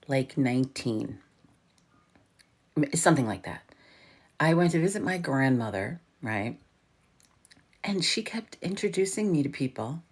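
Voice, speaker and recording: A woman in her forties with a New York accent, hosting a casual morning livestream chat from home, chatty and swearing freely as she tells stories animatedly. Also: deep voice. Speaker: livestream host.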